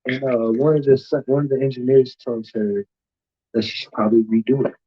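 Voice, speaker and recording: A man telling a long studio story in casual, profane podcast chat, jumping up in pitch whenever he quotes other people. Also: brisk, slightly rough. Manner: animated, profane, swings pitch when quoting others. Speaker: podcast host. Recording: dull lo-fi sound.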